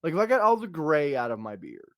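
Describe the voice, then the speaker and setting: Host role: middle-aged man, lively pitch, rambling storyteller, dry close sound. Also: fast talker, no echo. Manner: rambling, animated storyteller with many restarts. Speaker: podcast host. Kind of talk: casual chat.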